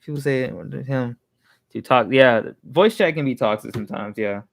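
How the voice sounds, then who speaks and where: A man's voice: mid-range voice, normal speed, vocal fry. Heated rambling young man vlogger. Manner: heated, rambling, swears freely, many restarts. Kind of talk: casual ranting monologue.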